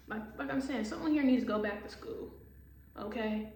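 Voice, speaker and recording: Woman tarot reader, blunt and cussing, higher voice, echoey room with faint hiss. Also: normal speed, far from the mic. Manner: blunt, profane, exasperated, laughs often. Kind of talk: casual tarot reading.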